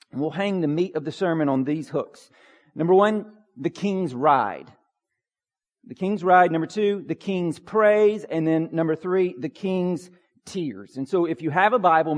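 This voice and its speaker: A man's voice: on the high side, darkish tone. A man preaching a Sunday sermon as pastor, chatty and joking, building to emphatic peaks. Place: church sanctuary. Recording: church hall reverb.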